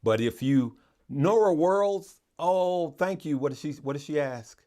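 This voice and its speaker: At a moderate pace, a man with a mid-range, darkish voice hosts a live stream, talking casually and earnestly to viewers with a motivational bent. His talk rambles and repeats, with frequent restarts and stammering.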